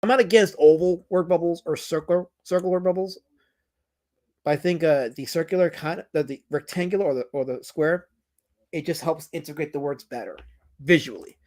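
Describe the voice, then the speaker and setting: A man's voice: fairly high pitch, brisk, darkish tone. A man hosting a casual livestream, reading out chat comments and rambling with many restarts and fillers.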